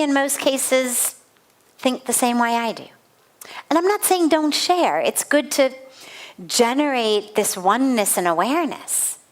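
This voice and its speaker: A middle-aged woman speaks as a spiritual teacher at a satsang, her voice pitched a little high for a woman. She tells a story earnestly and vividly, leaning on repeated phrases for emphasis. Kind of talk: satsang talk with a personal story.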